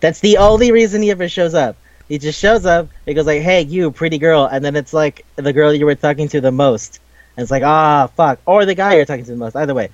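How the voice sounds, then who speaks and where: Young man, animated, raises his voice for game quotes, a little high, muffled lo-fi mic, dry sound. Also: quick pace, no room sound. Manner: animated, swearing, acting out game dialogue. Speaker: podcast co-host. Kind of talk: casual game discussion.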